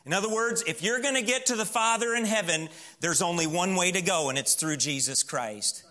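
A man's voice: high-pitched, lively intonation, a little fast, sharp tone. A man preaching a sermon in a church, building emphatic lists and acting out quoted voices in an anecdote. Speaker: pastor.

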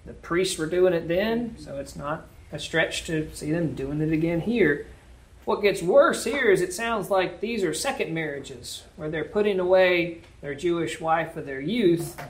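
A man's voice: on the high side, fairly bright tone. A man leading a Bible study, reading scripture aloud and then explaining it in plain, casual words.

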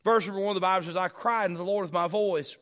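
A middle-aged male pastor delivering a sermon in a fairly high voice. He preaches with emphatic, rising bursts and drops into quiet asides to the congregation. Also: steady tone, fast talker.

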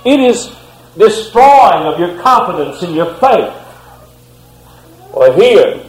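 A man preaching a sermon with impassioned delivery, swinging widely in pitch and loudness. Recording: echoey room.

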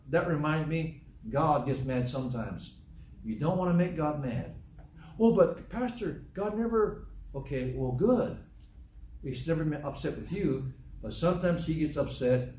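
A man's voice: on the high side, darkish tone, echoey room, rough recording. A man preaching a sermon as pastor, talking conversationally and teasing his congregation with questions.

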